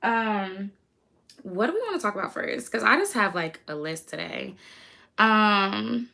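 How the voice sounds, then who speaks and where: A woman's voice: medium pitch, animated, measured pace, gravelly, bright, forceful tone. A young American woman hosting a casual livestream, chatty and easily sidetracked, reading her chat aloud and hyping her friends. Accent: American English. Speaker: livestream host.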